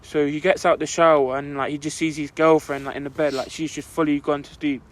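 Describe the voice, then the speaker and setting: A man's voice: fairly high pitch, little pitch movement, a little fast. A young man telling a story on a casual podcast, rambling and full of "like" fillers.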